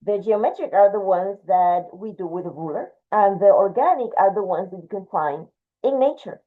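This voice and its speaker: Speaking at a moderate pace in a mid-range voice, a woman demonstrates a drawing and explains each stage with patience. It's an art lesson captured on thin, phone-like audio, with her talking throughout the drawing.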